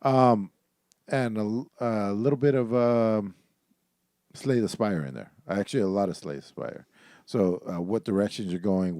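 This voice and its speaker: A man's voice: lowish voice, dark tone, no room sound, studio quality. A man co-hosting a gaming podcast, talking casually and rambling with lots of fillers. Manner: laid-back, rambling with many fillers. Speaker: podcast co-host. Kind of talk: casual chat.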